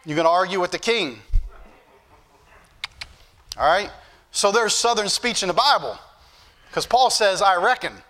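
A man's voice: high-pitched, expressive, unhurried, pauses often, pushed and bright. A man preaching a sermon as pastor, folksy and joking at times, then building to emphatic points. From northern United States.

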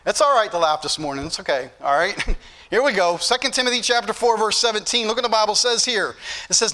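A man's voice: sits high, expressive, fast talker, sharp tone. A man preaching a sermon as pastor, folksy and joking at times, then building to emphatic points. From northern United States.

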